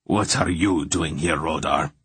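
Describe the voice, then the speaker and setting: A man's voice: a bass voice, measured pace, fairly bright tone, breathy edge, dry recording, exaggerated voice. Man voicing a blustering bald little emperor. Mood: indignant. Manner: indignant, snapping.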